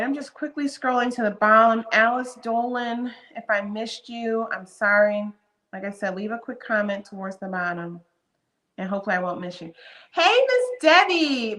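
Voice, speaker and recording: A woman's voice: mid-range voice, pushed and bright. A woman in her fifties hosting a live stream, chatting casually and greeting viewers one by one by name. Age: 50s. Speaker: livestream host.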